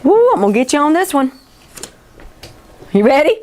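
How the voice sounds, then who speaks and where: A woman teacher leading a classroom phonics lesson, encouraging and stretching sounds out slowly. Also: sits high, very animated, a little mellow, slight background noise.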